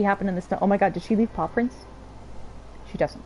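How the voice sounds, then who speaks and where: A woman's voice: mid-range voice, a little fast, dark tone, a little hiss or hum, poor audio. A woman giving casual gameplay commentary, chatty and playful, swearing freely. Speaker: game streamer.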